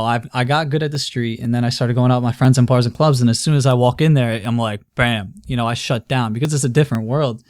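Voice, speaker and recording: A young man hosting a casual podcast interview, eager and quick to agree and laugh along with his guest. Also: medium pitch, no room sound, clean studio sound. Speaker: podcast host.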